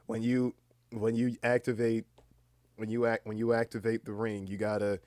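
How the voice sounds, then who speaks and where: A man's voice: lowish voice, level tone, a little mellow, no room sound, lightly acted. A man putting on Gaia, a motherly nature spirit. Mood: calm. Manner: rambling, halting.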